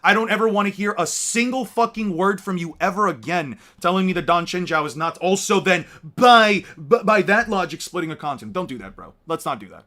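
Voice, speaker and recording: A man's voice: high-pitched, expressive, a little fast, hardly any pauses, sharp tone. A young man ranting in exasperated, profane, mocking commentary as a YouTuber.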